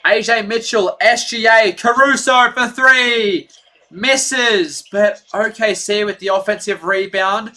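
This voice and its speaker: Male fan streamer calling the game live, openly biased, erupts at bad calls, bright edgy voice. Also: sits high, slow pace. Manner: partisan, excitable, rants at referees.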